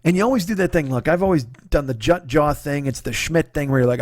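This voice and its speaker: A man's voice: fairly high pitch, expressive, a little fast, few pauses, no room sound, studio quality. A man in his forties hosting a solo comedy podcast, telling a long, rambling and profane personal story that he keeps restarting and apologizing for. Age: 40s. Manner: profane, rambling, candid and confessional.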